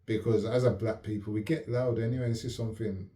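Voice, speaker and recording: Male host, low-pitched and mellow, calm reflective delivery, roomy echo. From United Kingdom. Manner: calm, measured, checks if listener follows. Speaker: channel host. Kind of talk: reflective casual talk to camera.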